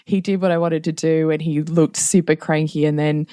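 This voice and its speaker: A woman's voice: sits low, normal speed, clean tone, dry recording, studio quality. A middle-aged woman co-hosting a casual podcast, laughing often as she tells family stories and acts out the lines of her husband and son. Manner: acts out family members' lines in lively voices. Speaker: podcast co-host.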